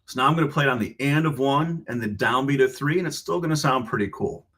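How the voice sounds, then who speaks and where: Demonstrating a lesson over guitar playing, a male guitar teacher talks through rhythm, counting subdivisions out loud and checking in with whoever is listening. He speaks fast in a medium-pitched, slightly bright voice.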